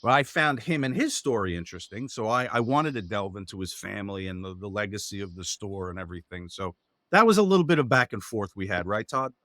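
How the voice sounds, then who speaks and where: A man hosting an interview, speaking haltingly with fillers and restarts. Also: fairly low pitch, animated, fairly bright tone, no echo, clean studio sound. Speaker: interviewer, book co-author. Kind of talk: conversational interview.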